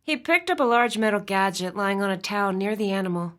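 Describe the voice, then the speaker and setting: A woman narrating a romance audiobook in an expressive storytelling style. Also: mid-range voice, brisk. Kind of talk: scripted narration.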